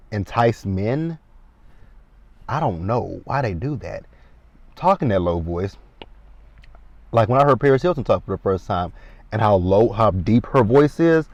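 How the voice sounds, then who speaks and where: A man's voice: fairly low pitch, no room sound. A man in his thirties sitting in a car, recapping a TV episode in a chatty, rambling way and talking straight to his viewers. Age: 30s. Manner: chatty, talks straight to viewers as "you guys". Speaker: TV show recap vlogger. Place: inside a parked car. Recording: dull lo-fi recording, dry.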